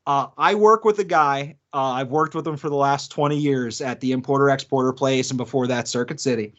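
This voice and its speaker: Fairly high-pitched and a touch fast, this man co-hosts a podcast, casually telling stories with lots of laughter and acted-out quotes. He's an animated storyteller, heard through dull, lo-fi podcast sound.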